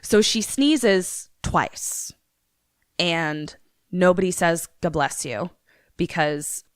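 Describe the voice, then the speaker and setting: Chatty podcast woman retelling a movie, lowish voice, dry close mic, swears a lot. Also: extremely slow, clear, resonant tone, dry recording. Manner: animated storyteller, swears casually, acts out lines. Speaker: podcast co-host. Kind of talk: casual movie recap chat.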